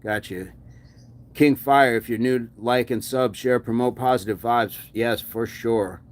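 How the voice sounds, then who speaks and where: A man's voice: medium pitch, steady tone, unhurried. An American man hosting a daily fitness livestream, reading out chat comments and cheering viewers on in an upbeat, encouraging way. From United States.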